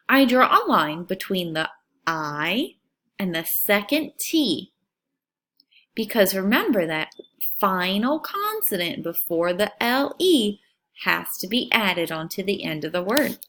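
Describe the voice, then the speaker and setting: A woman teacher giving a recorded phonics lesson for young children, speaking clearly and stretching out words. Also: medium pitch, sing-song, slow, pushed and bright. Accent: American.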